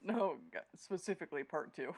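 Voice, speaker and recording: A woman's voice: sits low, expressive, fairly quick. A woman co-hosting a casual podcast, teasing with short quips. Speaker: podcast co-host.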